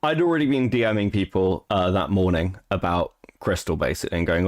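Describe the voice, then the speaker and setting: A man's voice: low voice, brisk. A man co-hosting a live stream, chatting casually, swearing and laughing, often restarting his sentences. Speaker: stream co-host.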